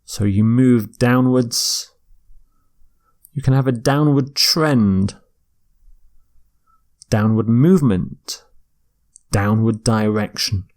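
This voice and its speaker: Slow, deliberate male English teacher. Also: medium pitch, darkish tone. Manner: slow, deliberate, with self-corrections. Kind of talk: vocabulary lecture.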